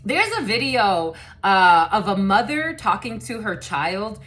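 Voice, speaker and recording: Woman tarot reader, lively pitch, loose casual delivery with swearing and fillers. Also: measured pace. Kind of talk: casual collective tarot reading.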